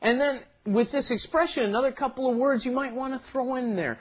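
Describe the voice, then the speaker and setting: A man's voice: very high voice, a little fast. A man co-hosting a casual language lesson who explains grammar in a chatty way and keeps checking in with "right?". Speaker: co-host.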